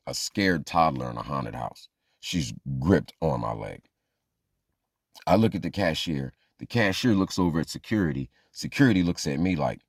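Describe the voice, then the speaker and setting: A man's voice: a bass voice, dry recording, clean studio sound. A man telling a funny true story as a monologue, acting out the people in it. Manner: animated, acts out quoted voices.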